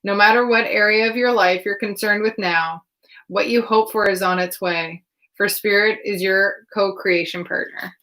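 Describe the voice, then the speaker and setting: Woman, tarot reader, bright sharp tone, animated, blunt, swears freely. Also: mid-range voice, moderate pace, rough recording. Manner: animated, swears freely, laughs while telling stories. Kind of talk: oracle card reading and casual storytelling.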